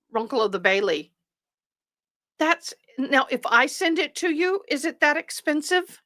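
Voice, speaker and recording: A woman's voice: a little high, dry recording, studio quality. Chatty woman livestream host. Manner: chatty, rambling, warm toward viewers. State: tired. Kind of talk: casual chat with live viewers.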